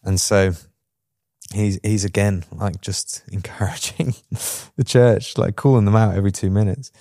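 A man's voice: lowish voice, fairly even intonation, moderate pace, dark tone, no echo, studio quality. A man co-hosting a podcast, talking through a Bible passage in an earnest, reflective way with many restarts. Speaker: podcast co-host. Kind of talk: casual Bible study chat.

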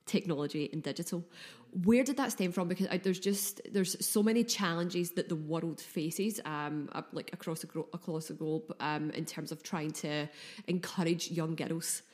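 A woman's voice: deep voice, normal speed, a little mellow. A woman interviewing a guest, asking earnest, wordy questions. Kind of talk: casual interview chat.

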